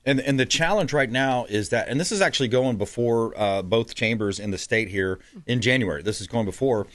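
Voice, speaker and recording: Man, talk show host, mid-pitched, chatty, folksy. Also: a little fast, fairly bright tone. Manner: chatty, folksy, laughs often. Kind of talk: casual talk show chat.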